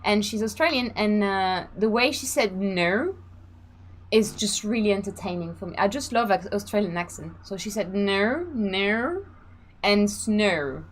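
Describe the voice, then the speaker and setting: A woman's voice: medium pitch, moderate pace. A woman hosting a casual live stream, chatting freely, laughing and reading out the chat. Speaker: streamer and sim racing host.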